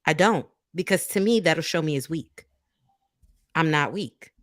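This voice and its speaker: A woman with a lowish voice makes a firm, matter-of-fact rebuttal on a podcast panel. She sounds close and dry. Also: measured pace, dry recording. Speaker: panel guest. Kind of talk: casual group discussion.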